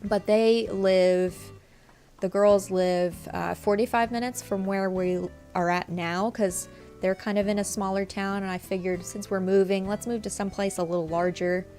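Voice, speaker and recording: A young woman, chatting on her live stream. She is tearful, halting and apologetic, with lots of fillers. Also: mid-range voice, little pitch movement, a little mellow, faint music behind. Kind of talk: casual live-stream chat.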